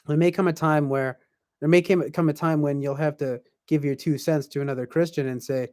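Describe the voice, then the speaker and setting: A man's voice: on the high side, steady tone, fairly quick, a little mellow, no room sound, studio quality. A man hosting a podcast, talking in a casual, rambling way with lots of fillers and restarts. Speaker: podcast host.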